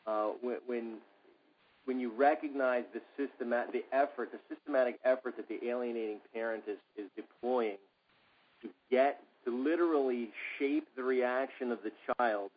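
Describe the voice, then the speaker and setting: Brief: male host, mid pitch, earnest and measured, lo-fi. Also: fairly even intonation. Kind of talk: podcast discussion.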